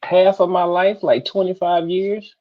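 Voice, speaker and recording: A man's voice: flat delivery, unhurried. A man from Georgia with a Southern accent, chatting casually on a livestream and telling stories. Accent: Southern American. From Georgia, USA. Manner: storytelling, mimics others in high voices. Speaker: livestream guest. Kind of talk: casual chat. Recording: dull lo-fi stream audio.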